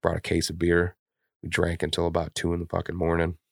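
Deep-voiced man, blunt and profane. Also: monotone, fairly quick, gravelly, no echo, clean studio sound. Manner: blunt and heavily profane, openly emotional. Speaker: podcast co-host. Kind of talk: candid casual podcast chat.

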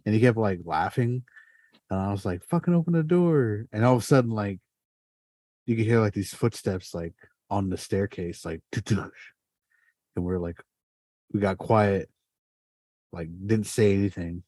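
Man, podcast host, loose storyteller, cursing freely, dry close sound, warm tone. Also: lowish voice, normal speed, pauses often, dry recording. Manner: animated, swears often, heavy fillers. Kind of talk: casual storytelling.

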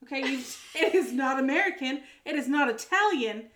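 A woman co-hosting a podcast in casual chat, giving her opinion in emphatic, drawn-out rants. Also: high voice, animated, a bit bright, reverberant. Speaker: podcast co-host.

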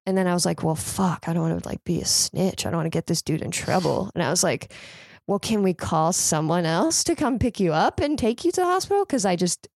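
A young woman, a podcast guest, telling a story in a lively, chatty way, swearing freely and saying "like" a lot. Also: on the low side, fairly quick, no echo, studio quality. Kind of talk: casual comedic storytelling.

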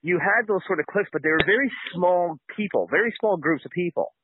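A Canadian man co-hosting a podcast, talking emphatically with a fairly high, lively voice. His tone is a little husky, and the audio is thin and tinny, like a phone call. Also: quick pace, no room sound. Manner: emphatic, conversational. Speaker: podcast co-host. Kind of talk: casual chat.

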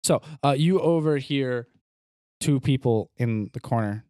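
A man's voice: medium pitch, measured pace, dark tone, no echo. A man running a tabletop game as game master, calling for dice rolls and narrating with dry asides.

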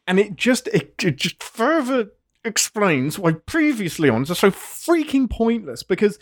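A man talks with an animated, wide-ranging voice that sits slightly high for a man. He laughs easily and presses his points with emphasis. The sound is close and dry, with no room around it. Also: measured pace, no echo. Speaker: podcast co-host, video writer. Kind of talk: casual chat.

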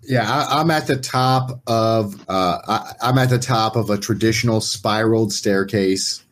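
A man's voice: fairly low pitch, measured pace. A man playing in a tabletop game, thinking aloud and hesitating as he describes his moves. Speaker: player. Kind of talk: tabletop role-play.

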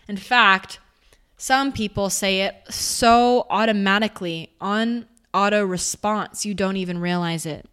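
A woman's voice: mid-range voice, fairly bright tone. A young adult woman giving a conversational motivational talk as a self-improvement speaker, earnest and explaining her points with examples.

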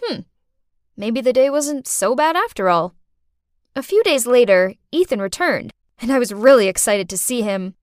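A woman narrating a first-person story for a podcast in an expressive, dramatic way. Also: on the high side, normal speed, no room sound.

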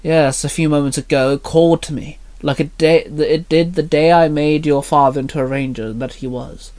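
A man voicing an old, hunched male wizard who speaks in a solemn, measured way. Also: a little high, fairly even intonation, darkish tone, close to an everyday voice.

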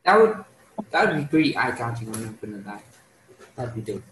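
A man's voice: medium pitch, sing-song, fairly quick, fairly bright tone, echoey room, a little hiss or hum, low-quality recording. A man in a casual podcast chat, laid-back and agreeable. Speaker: podcast guest.

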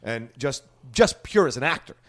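A man's voice: mid-range voice, animated, moderate pace. A man in his forties on a film podcast, reflecting earnestly on an actor's performance. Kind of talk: casual film discussion.

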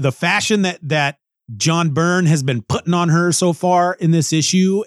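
A man's voice: on the high side, no echo, studio quality. A man reviewing a comic book in a casual, rambling way, often restarting and musing aloud.

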